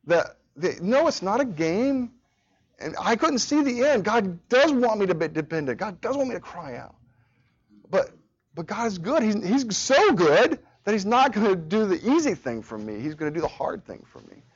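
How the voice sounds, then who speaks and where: Bible study leader, earnest man, fairly high voice, dull lo-fi recording. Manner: earnest, repeats phrases for emphasis. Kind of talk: teaching a church study group.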